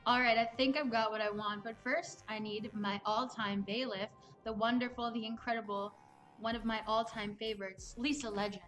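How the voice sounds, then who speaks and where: A woman's voice: fairly high pitch, fairly even intonation, moderate pace, fairly bright tone, low-quality recording. A woman hosting a live online improv comedy show, chatty and upbeat. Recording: music playing behind.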